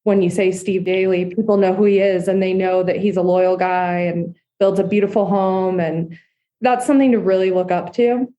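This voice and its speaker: A woman home builder being interviewed, explaining in an earnest, steady way with casual fillers. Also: medium pitch, moderate pace, dull audio. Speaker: custom home builder guest.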